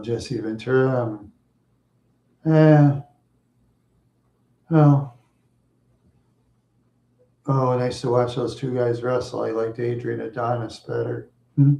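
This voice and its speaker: A man's voice: mid-range voice, steady tone, takes it slowly, creaky, pauses often, warm tone. A middle-aged man answering viewers in casual, rambling chat, chuckling often and trailing off into asides. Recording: echoey room.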